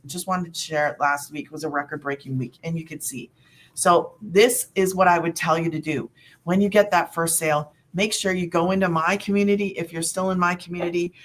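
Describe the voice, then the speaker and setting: A woman's voice: on the low side, a bit bright. A middle-aged woman coaching viewers on side hustles in a rambling, upbeat webinar chat. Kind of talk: casual webinar talk.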